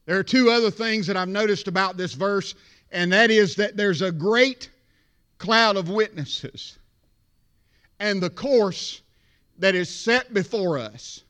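A male pastor preaching a sermon, building from quiet talk to shouted crescendos. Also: high voice, takes it slowly, clean tone.

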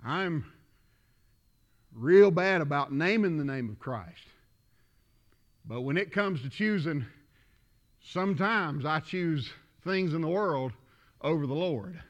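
A man preaching a sermon, talking to the congregation as if in conversation and swinging between loud declaring and quiet asides. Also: on the high side, lively intonation, slow pace, long pauses. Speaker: pastor. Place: church.

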